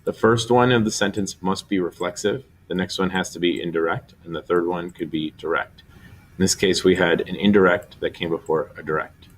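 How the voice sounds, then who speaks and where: A man teaching a recorded Spanish grammar lesson, explaining step by step and slowly spelling out syllables. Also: low voice, fairly even intonation, a little hiss or hum.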